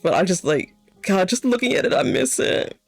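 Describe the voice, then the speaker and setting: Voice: mid-range voice, animated, brisk, gravelly, no room sound, soft background music, poor audio. Giggly young streamer rambling with fillers. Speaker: VTuber streamer. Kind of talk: casual stream chat.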